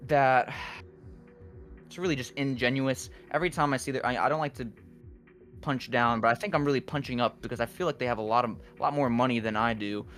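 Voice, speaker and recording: A man's voice: medium pitch, brisk, fairly bright tone, soft background music. Candid, rambling man talking shop. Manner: rambling, filler-heavy, candid. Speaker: guest music producer. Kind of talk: casual podcast chat.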